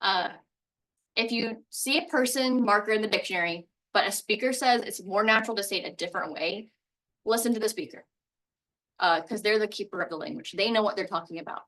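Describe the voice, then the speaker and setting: A woman's voice: medium pitch, brisk, fairly bright tone, far from the mic, low-quality recording. A woman teaching a recorded language lesson, explaining pronunciation step by step. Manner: explanatory, walks through examples step by step.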